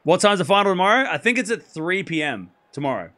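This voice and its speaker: A hoarse man hosting a live tennis stream, talking excitably and rambling while chatting with viewers. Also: high-pitched, fast. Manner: excitable, rambling, self-correcting. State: hoarse from hours of shouting.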